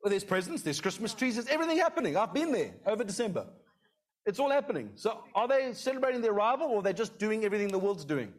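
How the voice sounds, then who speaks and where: Male pastor, middle-aged, high voice, chatty sermon style that keeps asking "okay?". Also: big pitch swings, quick pace. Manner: conversational, repeats "okay?" to the congregation.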